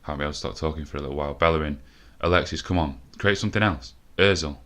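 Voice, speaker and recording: A young man calls a football video game live in a low, rumbling voice at a very fast clip. He sounds a little out of breath, swears often, and shouts whenever the action peaks.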